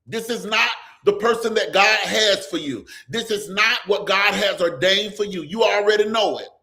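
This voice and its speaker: A man's voice: high-pitched, normal speed, gravelly, pushed and bright. A man preaching on a live stream, speaking straight to viewers, with constant "come on" calls and lines that slip into song. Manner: call-and-response preaching, repeats "come on", slips into sung lines. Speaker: pastor hosting a live stream. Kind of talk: preaching, talking to viewers in the comments.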